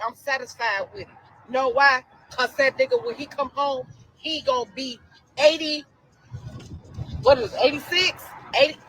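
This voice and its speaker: A woman's voice: high-pitched, fairly even intonation, normal speed, pauses often, fairly bright tone, soft background music, low-quality recording. A middle-aged woman with a Chicago accent, a grieving mother talking emotionally on a livestream and repeating phrases over and over. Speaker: victim's mother.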